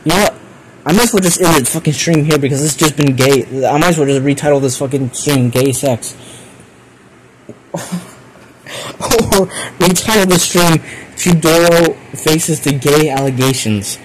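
A young man hosting a livestream, reading viewer confessions aloud and reacting with loud exasperated swearing. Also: fairly high pitch, moderate pace, background noise. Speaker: streamer host.

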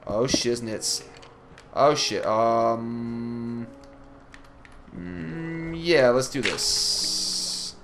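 Hosting a Let's Play for his gaming channel, a young man comments as he plays, swearing and trash-talking the monsters in an animated way. His mid-range voice is very slow and creaky with long pauses, against a noisy background.

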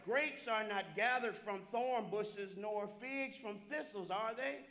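A pastor with a strikingly high, bright and forceful voice preaches in a church. He repeats key phrases and calls out to listeners by name. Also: takes it slowly. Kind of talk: sermon. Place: church sanctuary.

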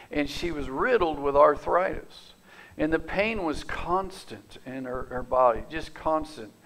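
A male pastor telling a story in a sermon, lively in the telling and sinking to a soft, hushed tone when he prays. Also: fairly high pitch. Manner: animated storytelling that drops to soft, hushed prayer.

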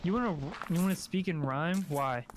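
A man's voice: a little high, normal speed, a crowd in the background. A man playing a game with friends, dramatic and complaining, laughing often. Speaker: co-player. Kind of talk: casual gaming chat.

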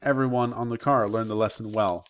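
Man reading a novel aloud, measured. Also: fairly low pitch, steady tone, clear, resonant tone, muffled recording. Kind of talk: audiobook narration.

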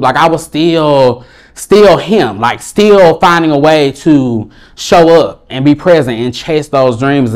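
Animated Southern man telling his story. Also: smooth. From Alabama, US. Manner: animated and playful, swings into high excited bursts. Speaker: motivational speaker. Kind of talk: personal storytelling speech.

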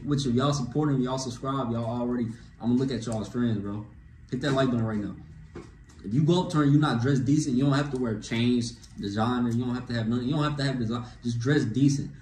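A young man ranting to camera with dating advice, animated and slangy, tossing in "bro" after nearly every phrase. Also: mid-range voice, fast, a little hiss or hum. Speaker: vlogger giving dating advice. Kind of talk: casual rant to camera. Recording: echoey room with faint ambience.

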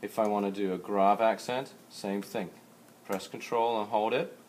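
A man with a lowish voice talks through a laptop tutorial one step at a time, plain and unhurried. A faint hum of room ambience sits behind him. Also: fairly even intonation, a little mellow. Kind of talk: screen-recorded how-to walkthrough.

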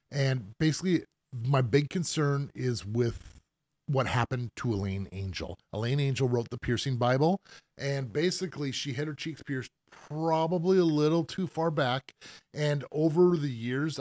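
A middle-aged man who pierces for a living, answering viewer questions on a live stream in a relaxed, explanatory way with plenty of fillers. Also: medium pitch, dry recording. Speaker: professional piercer hosting a live Q&A. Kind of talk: casual live-stream chat.

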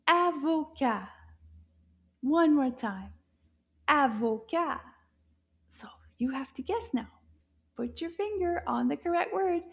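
A woman with a high voice teaches a French lesson for young children. She talks slowly and clearly, asking the listener to repeat each word. Her gasps and wows are big and animated, pitched for kids.

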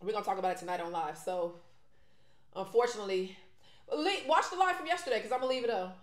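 A woman, talking to her viewers in an animated, indignant way while she eats. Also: mid-range voice, quick pace, reverberant. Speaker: vlogger. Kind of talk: casual mukbang commentary.

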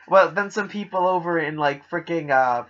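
A man's voice: a little high, moderate pace, fairly bright tone, highs cut off. A Canadian man co-hosting a podcast, rambling and swearing through jokey casual talk. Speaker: podcast co-host.

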